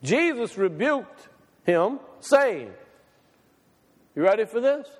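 High-voiced preacher in a reverberant hall. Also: male voice, sing-song, slow pace. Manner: rhetorical questions to the congregation, reading scripture aloud. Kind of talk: sermon.

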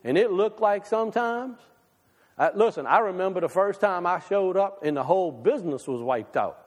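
A man preaching a sermon to his congregation, folksy and conversational, swinging between loud and quiet. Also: high-pitched, animated, normal speed, in a large hall. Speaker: pastor. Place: church sanctuary.

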